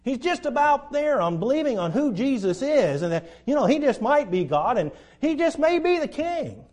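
A man with a very high-pitched, sing-song voice and a darkish tone preaches at a moderate pace. He works through a Bible lesson verse by verse in a conversational way, asking his listeners questions and acting out the quoted lines.

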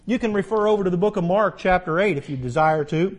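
A man preaching a sermon as pastor, asking rhetorical questions, repeating key phrases and reading scripture slowly. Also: high voice. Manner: quotes scripture slowly and deliberately. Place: church sanctuary.

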